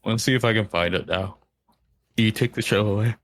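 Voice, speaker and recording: A man's voice: fairly low pitch, fairly quick, fairly bright tone. A man co-hosting a podcast, telling stories in casual, profane chat. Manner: profane, laughing storyteller. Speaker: podcast co-host.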